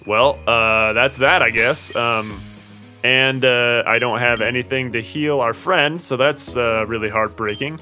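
A man's voice: mid-range voice, fairly even intonation, a little slow, bright, forceful tone, faint music behind. A man commentating on his video game playthrough, rambling and exasperated, pleading with the game characters. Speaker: let's play host.

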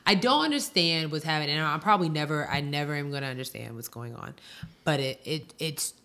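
A woman's voice: low voice, a little fast, sharp tone. A woman co-hosting a podcast in casual chat, weary and exasperated, who repeats herself. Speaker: podcast co-host.

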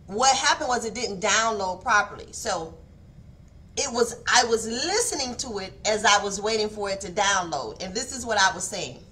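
Bright-voiced woman preaching with repetition. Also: medium pitch, animated, moderate pace. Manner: preachy, call-and-response, repeats words for emphasis. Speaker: devotional speaker. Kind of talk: morning devotional talk. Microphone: online stream mic.

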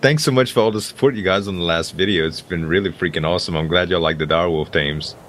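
A man's voice: low-pitched, quick pace, a bit bright, slight background noise. A man with a Cajun accent from Louisiana, chatting easily as a gaming partner. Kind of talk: casual co-op gameplay chat.

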